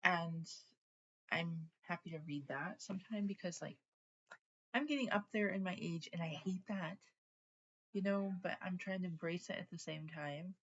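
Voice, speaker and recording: Low, gravelly woman in her forties. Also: normal speed, dull audio. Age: 40s. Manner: chatty, rambling, easily sidetracked. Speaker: book vlogger. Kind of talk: casual chat.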